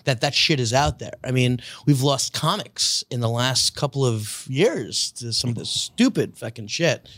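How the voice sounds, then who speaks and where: A man co-hosting a casual comedy podcast, joking loudly and swearing. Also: medium pitch, lively intonation, normal speed, hardly any pauses, no echo. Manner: loud, joking, swearing, mock announcer asides. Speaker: comedian co-host.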